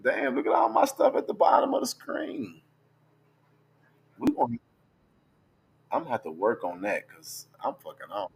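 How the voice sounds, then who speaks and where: A man's voice: medium pitch, huge pitch swings, normal speed, vocal fry, pauses often, breathy edge. A young man, talking bluntly and profanely in a casual livestream, scrolling through screenshots as he goes. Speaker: vlogger.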